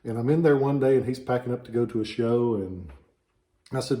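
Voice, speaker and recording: A relic dealer with a Southern US accent talks in a warm, dark, mellow voice at a middling pitch. He is chatty and wanders off on tangents, his sinuses a little stuffed up. He speaks from a small office. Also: fairly quick. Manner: chatty and digressive. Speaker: relic dealer and shop owner. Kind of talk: informal product talk.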